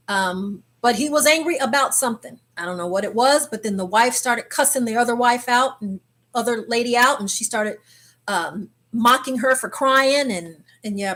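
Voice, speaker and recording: Lively woman telling a cruise story. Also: on the high side. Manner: animated, exclaims and acts out quotes. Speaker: travel channel host. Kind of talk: casual live-stream storytelling.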